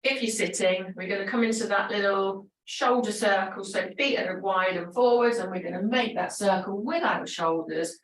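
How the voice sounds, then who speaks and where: A woman fitness instructor talks her class through gentle moves with an encouraging, chatty manner. Her voice sits at a middle pitch and comes from some way off the mic. The room around her gives a clear echo. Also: normal speed, few pauses, far from the mic. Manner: encouraging, chatty, laughs often. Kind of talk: guided exercise class. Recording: roomy echo, voice from away from the mic.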